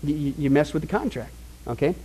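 A man's voice: fast, breathy edge, poor audio. A man preaching a Bible-teaching sermon as a pastor. He asks the congregation questions and keeps checking in with them. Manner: asks the audience rhetorical questions and checks in with "okay?"; animated, with sudden jumps in pitch for emphasis.

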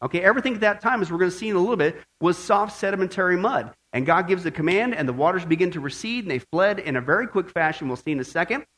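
A man preaching, swinging from loud exclaiming to hushed, prayerful tones. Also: high-pitched, expressive, quick pace, few pauses. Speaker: pastor. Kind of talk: sermon.

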